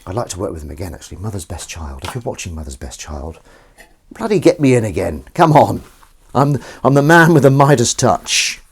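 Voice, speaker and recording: Low-voiced man rambling on a live stream. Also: sing-song, brisk, a little hiss or hum. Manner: rambling, self-interrupting, casually sweary. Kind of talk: casual live-stream chat. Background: faint running water and sink sounds.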